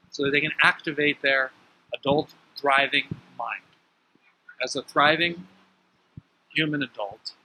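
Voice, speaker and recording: A man telling stories in a motivational talk about the mind, emphatic, with sudden lively jumps in pitch. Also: poor audio. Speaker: spiritual teacher.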